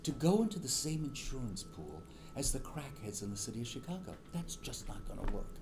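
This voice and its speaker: A man's voice: mid-range voice, very animated, brisk, music in the background. A man quoting a blunt, dismissive older male senator in a matter-of-fact tone.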